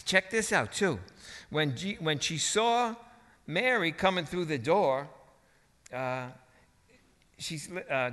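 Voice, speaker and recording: A man preaches with colloquial, animated energy, moving between hushed asides and excited shouts. His voice sits a bit high and sounds bright and forceful. A long hall reverb hangs after his words. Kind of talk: sermon.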